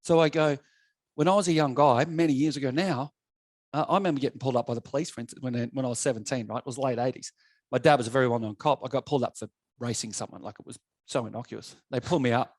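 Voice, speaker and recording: A man's voice: mid-range voice, quick pace, darkish tone, no echo, clean studio sound. A man in his fifties with an Australian accent, a former police officer and coach, telling blunt, swearing stories as a guest in a casual podcast chat. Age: 50s.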